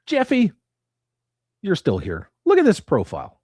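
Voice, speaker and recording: Profane, animated male livestream host. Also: sits high, measured pace, breathy edge, no room sound, studio quality. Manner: crude, profane, animated banter. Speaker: livestream host reading chat. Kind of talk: casual livestream chat.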